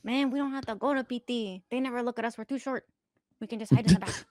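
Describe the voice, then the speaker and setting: A woman's voice: a little high, slow, a bit bright, smooth, no room sound, studio quality. A woman voicing a laid-back, tough, street-talking woman in a slangy drawl. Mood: swaggering.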